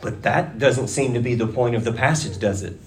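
A man preaching a sermon to a congregation, deliberate and measured, rising to emphatic urging at key points. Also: medium pitch, a little hiss or hum. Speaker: pastor.

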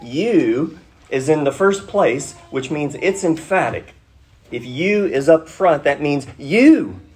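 A man's voice: on the high side, expressive, slow pace, a little mellow, breathy edge. A man preaching a verse-by-verse sermon in a teacherly way, checking in with his listeners through rhetorical questions. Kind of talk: expository sermon.

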